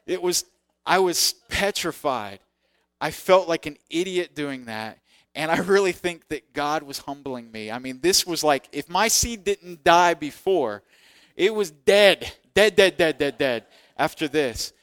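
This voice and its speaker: Animated man telling a church story. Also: on the high side, unhurried, clean tone, dry recording, studio quality. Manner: animated, acts out quoted voices; self-deprecating, candid. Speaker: preacher sharing testimony. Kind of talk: sermon storytelling.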